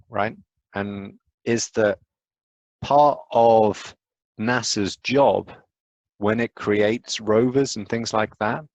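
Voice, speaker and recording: A man giving an enthusiastic live science lecture over a video call, talking quickly with lots of fillers and asides. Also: fairly low pitch, darkish tone, dry recording, highs cut off. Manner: enthusiastic, fast, rambling with fillers.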